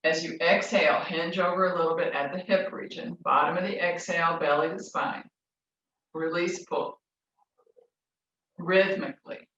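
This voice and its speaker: A woman leading a yoga class, giving gentle, soothing instructions. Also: lowish voice, fairly even intonation, moderate pace. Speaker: yoga teacher. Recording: roomy, distant, dull lo-fi.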